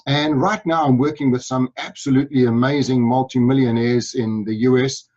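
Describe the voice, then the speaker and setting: South African man, energetic guest storyteller, mid pitch, dull lo-fi sound. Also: moderate pace. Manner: upbeat, enthusiastic storytelling. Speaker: guest sales speaker. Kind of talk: interview.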